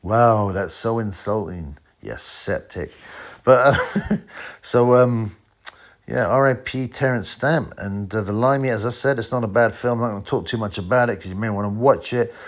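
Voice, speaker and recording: A man's voice: lowish voice, normal speed. A middle-aged man, chatting casually about a film in a loose, rambling way full of fillers and the odd curse. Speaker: boxing channel host.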